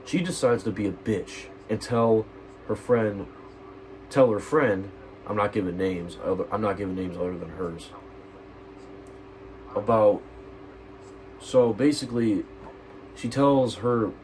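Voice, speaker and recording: Fired-up teenage guy with a low voice. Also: a little mellow, slight background noise, rough recording. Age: teens. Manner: agitated and profane, rambling with restarts. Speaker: streamer. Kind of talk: angry personal rant.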